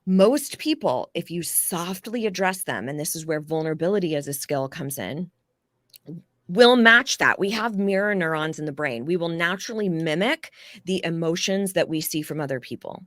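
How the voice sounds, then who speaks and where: A woman life coach explaining ideas in a casual, animated podcast interview, with occasional swearing. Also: on the low side, moderate pace, no echo, studio quality. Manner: animated, explanatory, acts out quoted people.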